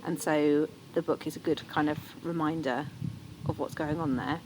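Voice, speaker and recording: Woman, podcast co-host, casual enthusiastic chat, lowish voice, clear background noise. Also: fairly even intonation, normal speed. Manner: enthusiastic, acts out her children's voices.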